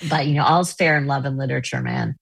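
A woman's voice: rumbling low, steady tone, fast talker, a bit bright, husky, no echo. A middle-aged woman novelist, chatting casually in an interview, telling stories animatedly with many fillers. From United States.

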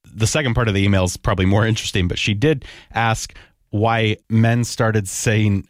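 A man's voice: lowish voice, fairly even intonation, moderate pace, no room sound, studio quality. A man co-hosting a casual chat, easygoing and laughing often as he relays listener emails. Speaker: podcast co-host.

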